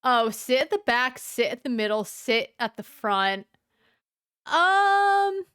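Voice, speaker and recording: A woman's voice: on the high side, steady tone, moderate pace, a bit bright, clear, resonant tone. Playful woman streaming a game. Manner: playful, joking asides. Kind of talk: live gameplay commentary.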